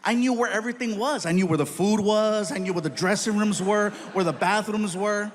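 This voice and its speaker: A man's voice: high-pitched, a little fast. A middle-aged man doing stand-up on a live stage, telling exaggerated stories and punchlines. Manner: animated, exaggerated storytelling with punchlines. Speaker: stand-up comedian.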